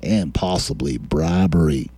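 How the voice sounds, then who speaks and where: Guy doing a pompous congressman voice, put-on twang, low and husky, dry sound. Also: unhurried, mellow. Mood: indignant. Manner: put-on regional accent, pompous. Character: impression of a blustering male congressman.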